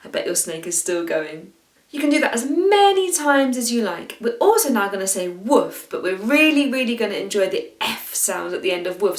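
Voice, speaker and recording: A British woman music teacher leading a singing warm-up for children and families, cheerful and encouraging with a self-mocking humor. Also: a little high, very animated, normal speed. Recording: echoey room.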